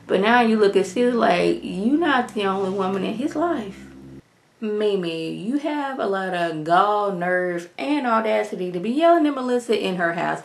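A woman reviewing a reality show in a casual vlog, talking straight to her viewers in an animated way and mimicking the cast now and then. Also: mid-range voice, normal speed, gravelly, slight background noise. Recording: roomy echo.

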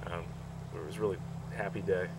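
Man, low voice, halting storyteller, mic set back, faint outdoor hiss. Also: fairly even intonation, distant mic. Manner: slow, halting, many fillers and restarts. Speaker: groom telling proposal story. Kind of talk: casual storytelling.

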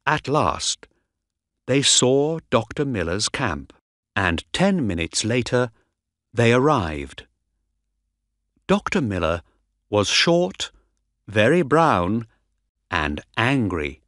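A man narrating a graded reader story aloud, slow, deliberate and expressive. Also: mid-range voice, no room sound, clean studio sound. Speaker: audiobook narrator.

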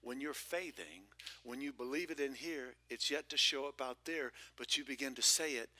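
Bright, dynamic male pastor preaching. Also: medium pitch, normal speed, no room sound. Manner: swings from shouting to whispering, playful asides. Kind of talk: sermon. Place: church sanctuary.

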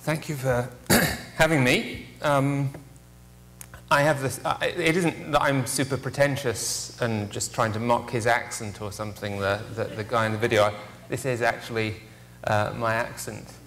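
A man's voice: mid-range voice, fairly even intonation, fairly bright tone, slight background noise. Guest lecturer, male, nervous and self-mocking, lots of ums. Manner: self-deprecating, halting with many fillers. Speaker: guest speaker. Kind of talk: public lecture. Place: theater stage.

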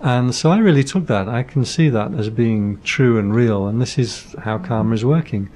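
A man speaks as a monk guest on a podcast, his voice sitting at an ordinary middle pitch. He lays out ideas patiently with simple analogies and slips in dry jokes. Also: moderate pace, warm tone. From Britain. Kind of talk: casual podcast conversation.

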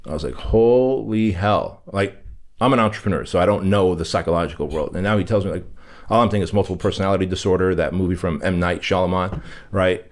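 A man's voice: low-pitched, steady tone, rapid-fire. A man from Armenia, a podcast guest, candidly tells a personal story and acts out the quoted dialogue with emphasis.

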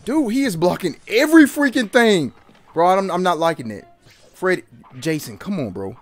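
A man giving excited, trash-talking commentary while playing a fighting game, yelping and laughing often. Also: sits high, moderate pace. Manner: animated, yelps and laughs, trash-talks the opponent. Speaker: gaming channel host.

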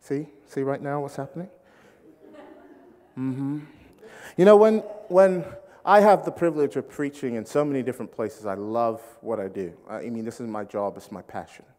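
A man from Britain preaching a sermon, telling comic stories and acting out loud congregations. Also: mid-range voice, normal speed. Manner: comic storytelling, mimics congregations with shouts. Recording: reverberant hall.

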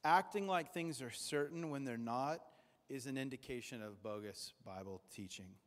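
In a church sanctuary, a male pastor delivers his sermon in a joking, conversational manner, performing the voices of those he quotes. He speaks at normal speed in a mid-range voice. The recording has a big-room sound.

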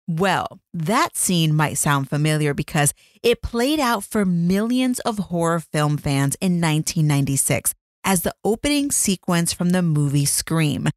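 A woman's voice: on the low side, animated, a little slow, no room sound, clean studio sound. A woman hosting a true crime podcast, telling the story as scripted narration with dramatic build-up and chatty asides to the listener.

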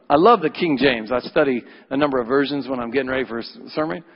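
A male pastor giving an Easter sermon, emphatic, swinging between loud, high rises and quiet, low drops. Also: animated, fast, long reverb tail, dull audio. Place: church sanctuary.

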